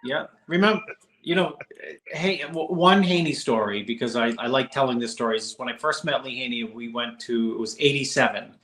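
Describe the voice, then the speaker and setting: A man's voice: medium pitch, brisk, a bit bright, echoey room. A man co-hosting a podcast, telling stories in casual chat with many restarts and fillers. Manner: rambling, with frequent restarts and fillers. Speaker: podcast co-host.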